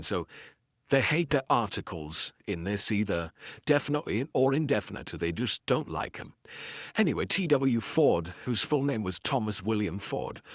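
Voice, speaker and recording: A man narrating an old pulp detective story aloud, then stepping out of the reading to chat about it in a loose, animated way. His voice is fairly low with a lively, varied pitch, and the recording is close and dry with no room sound. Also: no echo. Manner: animated, chatty asides with restarts. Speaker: audiobook narrator and host. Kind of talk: reading pulp fiction, then casual commentary.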